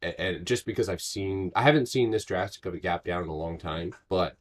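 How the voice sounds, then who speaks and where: A man hosting a live stock trading stream, chatting casually and excitably with laughing asides. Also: low voice, brisk.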